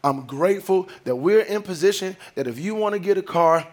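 A man's voice: high-pitched, expressive, fairly quick. A middle-aged man preaching a sermon from a stage, dramatic and emphatic, acting out family scenes in his own voice. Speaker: pastor. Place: on stage before a congregation.

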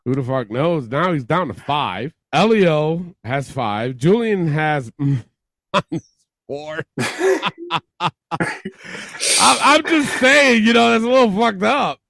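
A man hosting a podcast quiz game, cursing often and ribbing the players in loud, exasperated casual banter. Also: fairly high pitch, lively intonation, takes it slowly, gravelly, dry recording.

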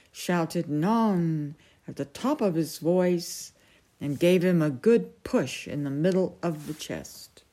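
A woman reading a novel aloud as a storyteller, measured and unhurried. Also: fairly low pitch, dark tone.

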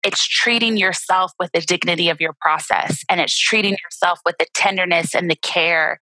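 A woman's voice: lowish voice, normal speed, pushed and bright, no room sound, rough recording. A woman guest talking in an earnest, encouraging and thoughtful way in a conversation recorded over a remote call mic. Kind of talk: reflective conversational talk.

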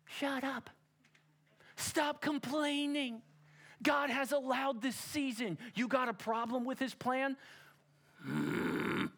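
A man's voice: very high voice, steady tone, a little slow, a bit bright. A middle-aged pastor preaching a sermon in a church, direct and emphatic, putting rhetorical questions to his congregation. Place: church sanctuary.

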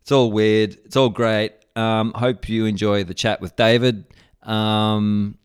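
A man's voice: on the low side, little pitch movement, takes it slowly, clean tone. Jet-lagged Australian man rambling. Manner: rambling, self-mocking storytelling. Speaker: podcast host. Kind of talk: casual chat.

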